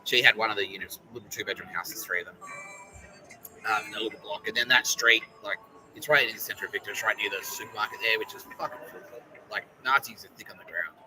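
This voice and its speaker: A man's voice: on the low side, fast talker, over music, low-quality recording. An Australian man hosting a podcast, delivering a profane, rambling monologue and mocking the people he talks about. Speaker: podcast host.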